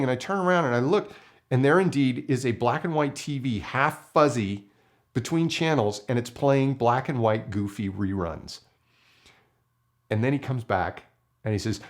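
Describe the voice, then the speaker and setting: A filmmaker telling a story to camera in an animated way and acting out the people in it. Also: male voice, mid-range voice.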